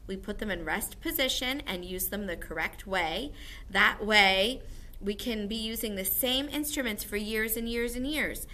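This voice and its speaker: A woman's voice: medium pitch, sharp tone, slight background noise. A woman music teacher giving a recorded video lesson to first graders, upbeat and encouraging, explaining things simply for young children.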